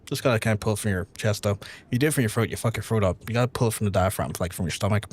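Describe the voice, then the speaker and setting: A man's voice: on the low side, very fast, husky. A young man streaming a video game, chatting casually with his viewers in a rambling, profane way. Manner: rambling, profane, talks straight to chat.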